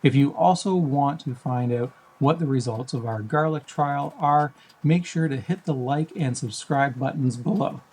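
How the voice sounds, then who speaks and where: A man hosting a backyard farming channel, reading a scripted voice-over in a measured, explanatory tone. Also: mid-range voice, a little mellow, husky, low-quality recording. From Canada.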